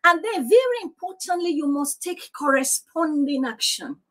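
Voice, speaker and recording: A woman's voice: sits high, lively intonation, normal speed, fairly bright tone. A woman pastor preaching on divine healing, insistent and repeating declarations, praying aloud. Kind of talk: sermon teaching on divine healing.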